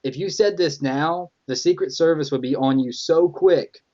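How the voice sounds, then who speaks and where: A man's voice: a little high, normal speed, warm tone. A man co-hosting a casual political chat podcast, talking with amused emphasis and sometimes reading aloud. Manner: reads a letter aloud with amused emphasis, laughing at it. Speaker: podcast co-host. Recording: dull lo-fi podcast audio.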